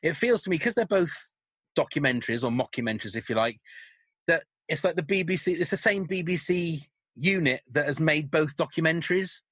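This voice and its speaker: A man's voice: fairly high pitch, animated, a little fast, fairly bright tone, husky, dry recording. A man hosting a casual conversation, asking questions and joking with his guest. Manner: eager, interjecting, joking. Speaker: podcast host. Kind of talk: casual chat.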